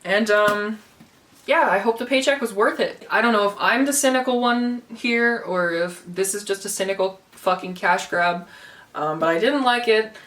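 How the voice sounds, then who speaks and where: A young woman rants about a book in a casual vlog, sarcastic, swearing freely and laughing as she goes. Her voice sits at an ordinary pitch and comes from a little way off the mic. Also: moderate pace, a bit bright, distant mic. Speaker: book review vlogger.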